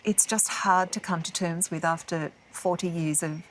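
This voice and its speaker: A woman speaking quietly and wearily in an interview about a family loss. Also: fairly low pitch, steady tone, moderate pace. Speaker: interviewee, victim's relative. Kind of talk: emotional interview.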